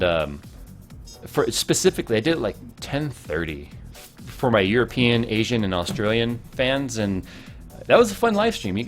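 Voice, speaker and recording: A man hosting a casual tech live stream, chatty and rambling, who reads viewers' comments aloud. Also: on the low side. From Massachusetts, United States.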